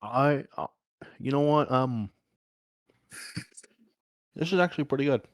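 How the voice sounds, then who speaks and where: A man's voice: mid-range voice, a little slow, no room sound. A man playing a character in a tabletop game, chatting casually and joking with the group. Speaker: player.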